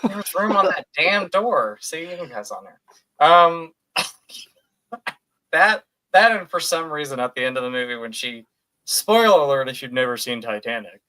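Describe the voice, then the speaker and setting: A man co-hosting a casual podcast, telling animated, emotional stories with quoted asides. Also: medium pitch, a little slow, pauses often, clear, resonant tone, low-quality recording. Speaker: podcast co-host. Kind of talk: casual chat.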